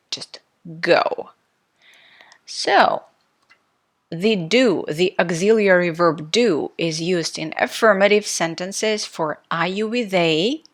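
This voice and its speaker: A woman teaching a recorded English grammar lesson, speaking clearly and stressing key words in her example sentences. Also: fairly low pitch, a bit bright.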